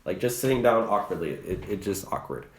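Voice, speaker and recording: A man's voice: low voice, lively intonation, brisk, echoey room. A young man giving casual advice about rideshare driving, chatty and loose with many fillers and restarts. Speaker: rideshare driver and channel host.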